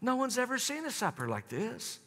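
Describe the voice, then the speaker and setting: A man preaching a sermon, telling the story dramatically and swinging from high, loud emphasis down to low, hushed lines. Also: wildly swooping pitch, moderate pace. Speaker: pastor. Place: church sanctuary. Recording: long church reverb.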